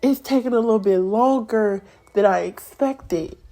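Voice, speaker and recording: A woman's voice: on the high side, unhurried, dark tone. A young woman hosting a faith podcast, giving an emotional, encouraging devotional talk with preacher-like repetition. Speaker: podcast host.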